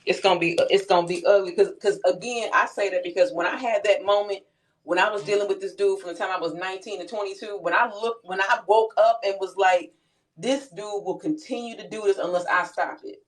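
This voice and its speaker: A woman, hosting a casual live-stream chat and telling stories with lively quoted voices. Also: medium pitch, brisk. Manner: animated storytelling, quoting others in character. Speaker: host.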